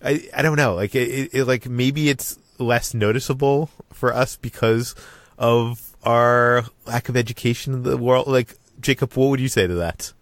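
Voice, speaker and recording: A man's voice: medium pitch, steady tone, normal speed, no room sound. A man from the United States hosting a casual podcast discussion, rambling and restarting his sentences. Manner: rambling, self-interrupting. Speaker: podcast host.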